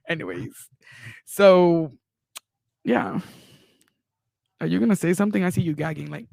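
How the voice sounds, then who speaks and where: A man co-hosting a podcast, talking in a relaxed, rambling way and laughing often. His voice sits a little high for a man and has a gravelly fry. He is recorded dry and close, with no room sound. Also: measured pace, no echo. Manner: laughs often, loose and chatty with fillers. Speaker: podcast co-host. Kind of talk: casual chat outro.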